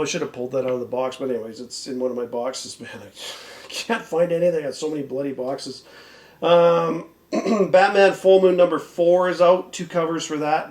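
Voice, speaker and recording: A man hosting a comic book video, talking casually and rambling, a bit hoarse as he loses his voice. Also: a little high, a little mellow, reverberant. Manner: rambling, chatty, laughs often. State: slightly hoarse, losing his voice. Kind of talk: casual chat.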